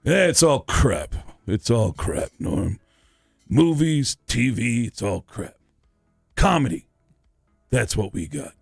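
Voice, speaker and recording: A man impersonating a gloomy older male comedian who grumbles slowly and flatly in a low voice. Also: vocal fry, slightly rough, no echo, soft background music, heavily acted. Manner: slow, low, deadpan grumbling.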